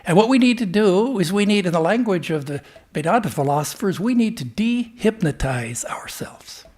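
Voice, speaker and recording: A man speaking as a swami in a temple, giving a spiritual talk with an animated storytelling manner that often drops to a hush. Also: high-pitched, moderate pace. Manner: storytelling, animated, dropping to hushed tones. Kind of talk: sermon with storytelling.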